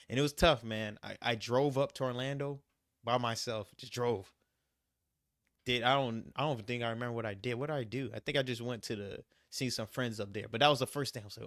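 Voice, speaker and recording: The recording is clean studio sound with no room sound: a young man with a mid-range, slightly bright voice talks fast in his travel vlog. He's casual and emphatic, repeating his motivational points and saying "you gotta" a lot.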